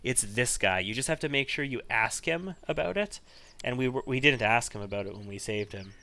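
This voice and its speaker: A man's voice: medium pitch, animated, fairly quick, sharp tone. A man giving casual commentary while he plays a role-playing video game, chatty and thinking aloud. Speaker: let's-play host.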